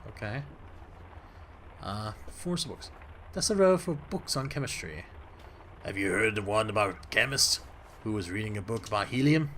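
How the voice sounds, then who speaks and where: A man talking through a story game in let's-play style, cracking jokes and getting excited at his own slip-ups. His tone is bright and forward, and his pitch jumps around animatedly. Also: a little hiss or hum. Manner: jokey, excitable, often laughing at himself. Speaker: gameplay commentator.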